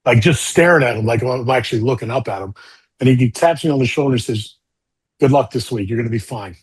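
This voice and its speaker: A man in an interview telling animated stories about his golf career, with lots of fillers. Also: mid-range voice, quick pace, husky. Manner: animated storytelling with many fillers. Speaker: golfer guest. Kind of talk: storytelling interview talk.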